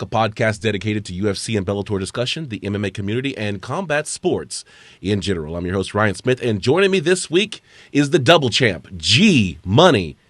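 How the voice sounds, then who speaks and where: A man hosting a casual combat sports podcast, talking briskly with frequent fillers and restarts. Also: medium pitch, a bit bright, no room sound, clean studio sound. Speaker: podcast host.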